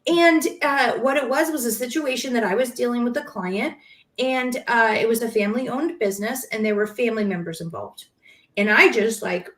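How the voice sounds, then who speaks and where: A woman talking as a podcast guest in casual conversation, emotional and animated, quick to laugh. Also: fairly high pitch, roomy sound, low-quality recording.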